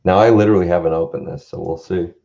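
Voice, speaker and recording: Deep-voiced man, laid-back, dull lo-fi sound. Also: fast talker, gravelly. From Canada. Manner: relaxed, rambling, laughs easily. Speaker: co-host. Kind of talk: casual live-stream chat. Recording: slightly dull lo-fi audio.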